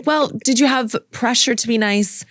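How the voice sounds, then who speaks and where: A woman's voice: fairly high pitch, normal speed, fairly bright tone, no room sound, studio quality. A woman in her forties hosting a podcast, frank, blunt and teasing in casual interview chat. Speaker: podcast host.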